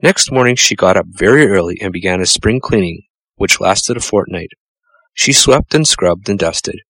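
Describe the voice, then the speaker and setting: Low-voiced man reading a storybook. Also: expressive, moderate pace, a bit bright, slightly rough, no room sound, rough recording. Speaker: narrator.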